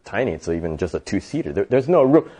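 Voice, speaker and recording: A hesitant male mechanic who objects in a low, quiet mumble, sounding unsure of the job, as a man puts him on. The voice sits clearly below the storyteller's usual pitch. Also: sing-song, fast. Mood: doubtful.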